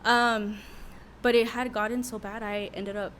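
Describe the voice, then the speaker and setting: A woman's voice: fairly high pitch, level tone, measured pace, a bit bright, a little hiss or hum. A young adult woman, a worship leader who is a podcast guest, telling a candid, emotional story with many fillers in a casual interview.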